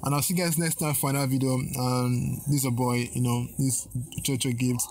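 A man hosting a gaming video, giving excited gameplay commentary and exclaiming a lot. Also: medium pitch, brisk, slight background noise, poor audio.

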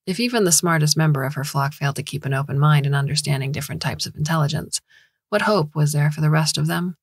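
In a measured, steady scripted audiobook reading, a woman narrates a short story with a low, slightly husky voice. The recording is close and dry, with no echo or room sound.

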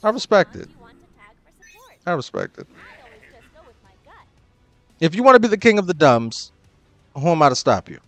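A young man commenting on his own ranked matches with a high, wildly swinging voice, swearing freely and erupting in loud, exasperated complaints. The recording is close and dry, with faint game music underneath. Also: huge pitch swings, normal speed, creaky, long pauses, no echo. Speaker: gaming channel host.

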